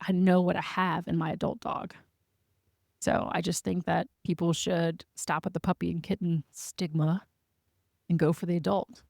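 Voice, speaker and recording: Chatty woman with a gravelly edge. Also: on the low side, a little mellow, dry recording, studio quality. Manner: chatty, many "like" fillers. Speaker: animal shelter guest. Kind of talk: casual interview storytelling.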